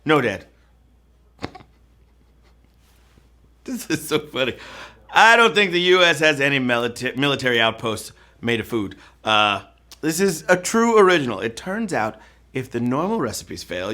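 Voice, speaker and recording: A man hosting a live trivia game show, goofy and teasing, squealing high and singing bits with faint music behind. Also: sing-song, measured pace, long pauses, bright, forceful tone. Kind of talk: live-streamed trivia hosting, playful banter. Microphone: phone.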